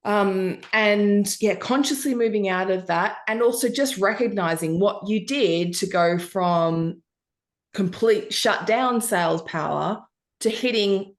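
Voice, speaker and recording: A woman coaching a client one on one in a casual call, upbeat and encouraging, with plenty of "like" fillers. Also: mid-range voice. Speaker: business coach.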